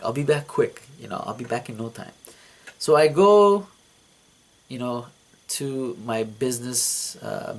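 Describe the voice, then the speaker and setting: A man casually recounts a dream for his vlog, his voice gravelly and a little husky. He tells it with animated energy, stumbles over repeated words and laughs at his own story. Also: mid-range voice.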